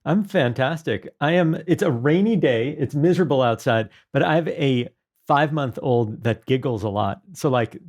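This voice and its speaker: A man in his thirties from New York talks as a podcast guest, his voice throaty and a little hoarse. He chats freely and makes fun of himself. His pitch sits in the middle range for a man. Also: animated, moderate pace, a little mellow. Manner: self-deprecating, chatty. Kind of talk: casual interview chat.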